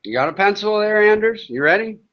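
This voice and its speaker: High-voiced man sneering at trolls. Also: animated, a little fast. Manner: profane, taunting and sarcastic. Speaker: livestream host. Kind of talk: heated livestream rant at chat trolls. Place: home in Thailand. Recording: dull lo-fi stream audio.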